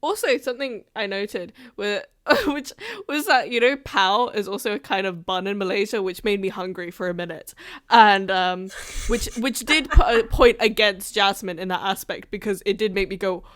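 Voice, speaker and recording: A woman's voice: medium pitch, moderate pace, few pauses, fairly bright tone. A woman on a podcast chatting and joking, breaking into laughter often. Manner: giggly, jokey, laughs often. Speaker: podcast cast member. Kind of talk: casual podcast chat.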